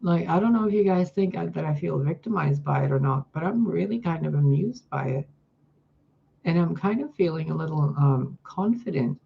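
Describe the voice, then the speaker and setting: Woman vlogger, husky and gravelly, exasperated rant, dull phone-mic sound. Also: deep voice, animated, moderate pace. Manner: profane, exasperated, ranting. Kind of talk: casual vlog rant.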